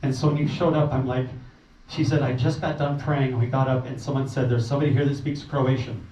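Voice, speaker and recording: A fast-talking man with a medium-pitched, dark, level voice gives an informal talk to a meeting audience about a refugee relief trip. He comes across as earnest and rambling, full of fillers and restarts. The meeting-room recording sounds roomy, distant and dull, with faint noise.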